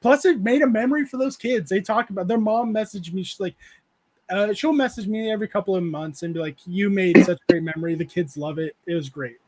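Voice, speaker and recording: High-voiced man rambling through a chat show. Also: a little fast, very noisy. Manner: rambling storyteller, laughs often, many fillers. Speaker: show host reading chat. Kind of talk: casual livestream chat.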